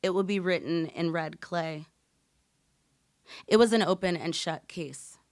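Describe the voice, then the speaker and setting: A woman poet reading her poems aloud in a measured, deliberate way. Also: lowish voice, darkish tone, no room sound, clean studio sound. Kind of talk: live poetry reading.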